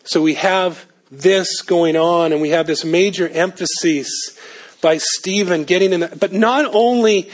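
A man with a high, light voice preaching a sermon. He builds to emphatic peaks and then drops to quiet, low asides. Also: a little slow. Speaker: pastor.

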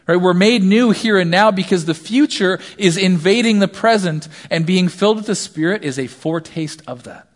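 A man in his thirties preaching a sermon, telling stories animatedly and swinging between hushed asides and loud shouts. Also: sits high. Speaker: pastor.

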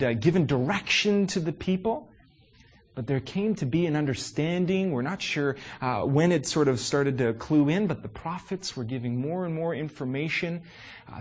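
A man preaching a sermon to his congregation. He is animated and emphatic, asks many rhetorical questions, and often pauses on "uh" fillers. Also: a little high, slightly rough.

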